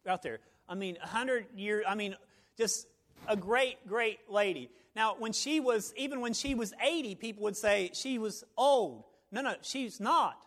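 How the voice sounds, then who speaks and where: Male pastor, very high voice, folksy, animated evening sermon with hushed drops. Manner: animated preaching that drops to near-whispers; folksy, joking asides. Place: church sanctuary, evening service.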